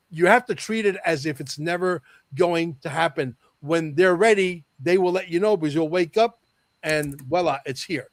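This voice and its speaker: A man's voice: high voice, no room sound. A man as a podcast guest, talking emphatically and repeating key lines for effect. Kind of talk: podcast interview talk.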